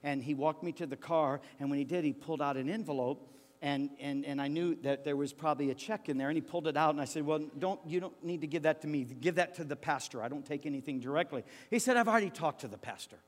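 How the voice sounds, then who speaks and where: A male preacher telling a story in his sermon, very animated, swinging from hushed tones to shouting and stammering for comic effect. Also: a little high, fast, in a large hall.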